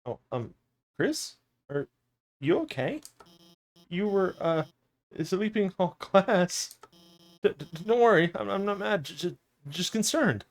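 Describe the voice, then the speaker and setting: A man's voice: high-pitched, sing-song, slow, long pauses, voice pushed up, heavily acted. A man voicing a nervous, overworked woman teacher who stammers, reading game dialogue aloud. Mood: flustered. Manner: stammering, flustered.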